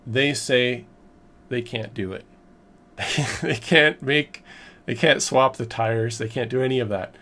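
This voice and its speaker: A man tells his story straight to the camera in a loose, rambling vlog style. His voice sits in an ordinary middle pitch, and his emphatic, exasperated delivery keeps the telling lively. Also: slow. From Canada. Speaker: vlogger recounting a purchase.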